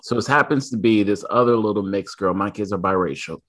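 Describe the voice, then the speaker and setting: Animated storytelling man on a podcast. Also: on the low side, fairly quick. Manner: animated, acts out his son's lines. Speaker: podcast co-host. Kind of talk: casual storytelling chat.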